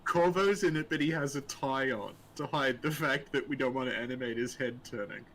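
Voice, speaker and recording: A man's voice: mid-range voice, a little fast, a bit bright, a little hiss or hum. A man co-hosting a casual live-stream Q&A, rambling and hesitant with dry humor, greeting viewers as he goes. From Australia.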